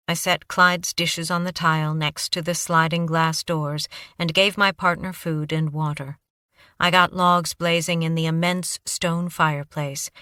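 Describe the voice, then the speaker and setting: A woman narrating an audiobook in steady first-person storytelling. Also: lowish voice, no echo, clean studio sound.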